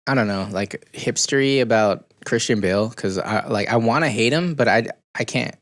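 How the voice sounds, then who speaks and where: A man's voice: medium pitch, normal speed. A man co-hosting a podcast in casual chat, rambling and joking at his own expense. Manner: rambling, joking, self-deprecating. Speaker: podcast co-host.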